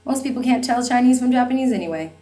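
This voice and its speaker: A woman's voice: a little high, animated, quick pace, mellow, reverberant, voice pushed up, natural voice. A woman reading a novel aloud, voicing a glib, upbeat stepfather who teases lightly. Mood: breezy. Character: breezy upbeat stepfather, wry and jokey.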